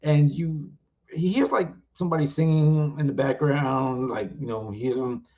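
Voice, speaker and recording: A man's voice: fairly high pitch, normal speed, warm tone, lo-fi sound. A man and author talking casually about his book on a live stream, rambling and filler-heavy.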